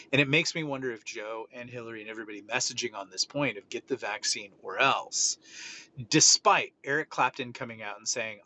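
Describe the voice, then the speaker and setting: Animated bright-voiced man hosting a podcast. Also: lowish voice. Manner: animated storytelling, acting out quoted exchanges. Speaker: podcast host. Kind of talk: casual podcast chat. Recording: slightly dull audio with faint noise.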